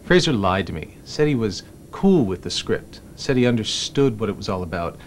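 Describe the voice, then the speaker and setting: A man's voice: on the low side, sing-song, moderate pace, a little hiss or hum. A man as a film producer in a mockumentary interview, ranting and sarcastic, swearing freely. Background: music.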